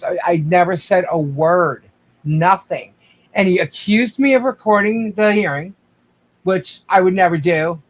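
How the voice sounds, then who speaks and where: High-voiced rambling man. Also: low-quality recording. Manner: rambling, restarts, addresses viewers. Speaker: guest. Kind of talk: casual livestream chat.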